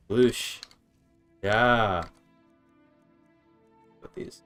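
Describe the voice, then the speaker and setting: A man streaming gameplay in casual chatter, thinking aloud, sounding out words haltingly and swearing now and then. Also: on the low side, expressive, soft background music.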